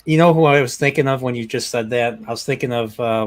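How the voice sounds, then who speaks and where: A man's voice: mid-range voice, quick pace, hardly any pauses. A man chatting casually as a podcast co-host, thinking aloud between fillers. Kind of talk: casual chat.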